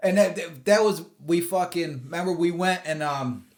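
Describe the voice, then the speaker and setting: A man's voice: fairly high pitch, normal speed. A middle-aged man hosting a podcast, casually telling old stories with lots of swearing and putting on voices for the people he quotes. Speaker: podcast host. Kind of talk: casual storytelling chat.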